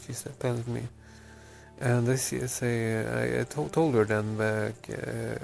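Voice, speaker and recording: A man from Chile telling a personal story with many pauses, fillers and restarts. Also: mid-range voice, fairly even intonation, creaky, a little mellow, faint music behind. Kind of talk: personal story told to camera.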